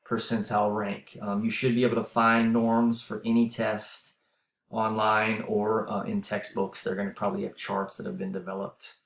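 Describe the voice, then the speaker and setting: A male university instructor with a fairly low voice and vocal fry gives a casual, explanatory lecture, stumbling through fillers and restarts as he runs out of breath. This recorded voice-over, made with a voice-over mic, carries an echoey room sound.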